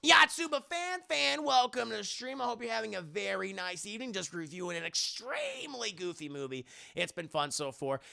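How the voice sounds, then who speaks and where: A man's voice: high voice, sing-song, fairly quick, gravelly, few pauses, bright, forceful tone, dry recording, clean studio sound. A man casually reviewing a movie on a live stream, rambling, swearing and talking to his chat. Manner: rambling, profane, talks to chat.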